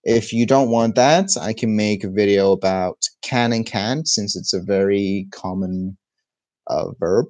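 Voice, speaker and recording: A man with an Egyptian accent teaching his language in a relaxed, chatty live lesson, tired and reading viewer comments aloud. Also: fairly low pitch, a little slow, no room sound. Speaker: Arabic teacher. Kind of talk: casual live-stream lesson.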